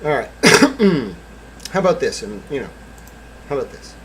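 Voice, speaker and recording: A man hosting a solo livestream, talking in theatrical bursts that swing from quiet asides to loud outcries and laughter. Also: mid-range voice, sing-song, normal speed, a little hiss or hum, low-quality recording. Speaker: livestream host.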